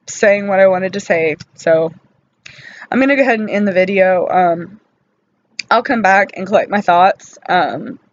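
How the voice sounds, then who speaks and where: A woman talking in an unscripted personal vlog, weary and emotional from pain, halting and apologetic with many pauses and fillers. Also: medium pitch, dull audio, slight background noise. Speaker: vlogger.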